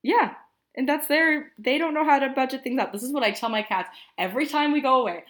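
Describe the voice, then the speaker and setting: A woman's voice: high voice, brisk, a bit bright. A young adult woman hosting a casual movie podcast, chatty and rambling, laughing often. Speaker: podcast host.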